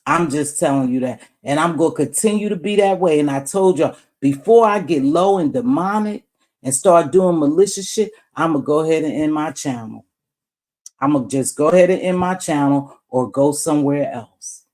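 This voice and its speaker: A woman's voice: low voice, moderate pace, a little mellow. A woman hosting a live stream in a blunt, preachy rant, swearing freely.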